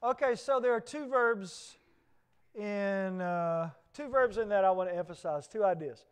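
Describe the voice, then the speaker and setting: A man's voice: sits high, measured pace, clean tone. A man with a Southern US accent preaching a sermon, emphatic, with repeated phrases and rhetorical questions.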